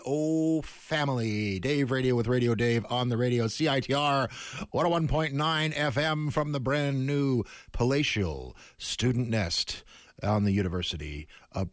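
A man's voice: mid-range voice, measured pace, fairly bright tone, dry recording. A man hosting a campus radio show in a studio, talking casually and rambling with plenty of stalling and filler words. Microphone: studio microphone.

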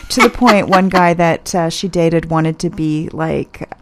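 A woman's voice: low-pitched, fairly even intonation, unhurried, noisy background. A woman hosting a chatty interview show, teasing and giggly with her guest. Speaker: radio host. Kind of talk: casual interview chat.

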